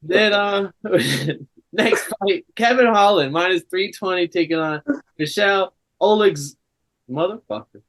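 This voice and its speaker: A man's voice: high-pitched, a little slow, a bit bright. A man co-hosting a casual fight podcast, laughing often while he goes through fighters' records. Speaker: podcast co-host. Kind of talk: casual chat.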